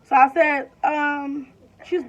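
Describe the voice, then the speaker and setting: This twentysomething vlogger has a high-pitched voice with fairly even intonation and speaks at a slow pace. She chats through a personal story full of "like" and rambling restarts, captured in dull, slightly distant lo-fi sound.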